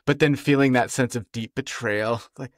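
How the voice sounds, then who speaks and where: A man's voice: steady tone, normal speed, no echo. Reflective man host, dry close sound. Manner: reflective, playful, acts out quoted speech in a higher voice. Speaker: podcast host. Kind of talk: casual conversational interview.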